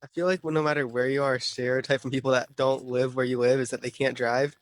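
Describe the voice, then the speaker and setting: A man's voice: mid-range voice, level tone, fast talker. A man answering a street interview in a matter-of-fact way.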